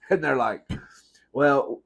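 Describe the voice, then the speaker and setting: A man's voice: mid-range voice, sing-song, normal speed, fairly bright tone, lo-fi sound. Man in his thirties, sassy storyteller, profane, rambling, self-correcting, eating at home. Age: 30s. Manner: sassy, profane, calls listeners "girl". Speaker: host. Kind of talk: comedic storytelling while eating.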